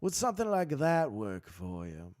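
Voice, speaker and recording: An American man voicing a jittery, battle-hardened human king with a slow, drawn-out Southern drawl. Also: mid-range voice, wildly swooping pitch, darkish tone, no echo, studio quality. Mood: drawling, courtly.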